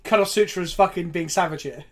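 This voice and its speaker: Excitable streamer with a mid-pitched voice. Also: fast talker, slight background noise. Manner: excitable, swears often, bursts into loud laughter. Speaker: streamer playing an online card game. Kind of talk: casual live-stream chat.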